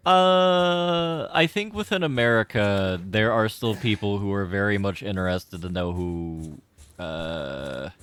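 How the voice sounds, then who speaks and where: A man's voice: deep voice, fairly bright tone. A man streaming a game, rambling and joking with his chat in casual commentary. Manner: rambling, jokey, talks to chat.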